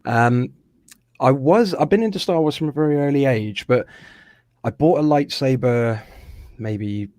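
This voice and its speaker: A British man in his thirties, a guest on a video call talk show, friendly and a little halting, laughing easily. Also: mid-range voice, a little mellow, no echo, studio quality. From United Kingdom. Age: 30s. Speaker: guest lightsaber builder. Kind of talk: casual video call interview.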